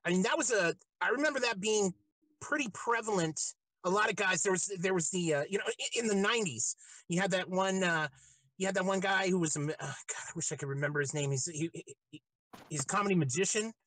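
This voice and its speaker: The host of a podcast chats with a comedian guest, easygoing and quick to laugh, tossing in the odd swear word. The recording is dry and close, with no echo. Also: mid-range voice, fairly bright tone. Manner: laughs often, loose and profane. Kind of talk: casual interview chat.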